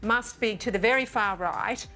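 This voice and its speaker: A woman on a TV panel, arguing her point in a measured, insistent way. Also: fairly high pitch, sharp tone, faint music behind. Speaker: panelist in a televised debate. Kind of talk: on-air panel argument.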